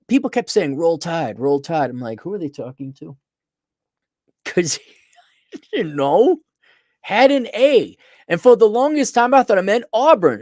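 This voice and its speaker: Animated, sarcastic man telling a story. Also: a little high, dry recording, clean studio sound. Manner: rambling, self-mocking, sarcastic asides. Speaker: podcast host. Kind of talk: casual storytelling monologue.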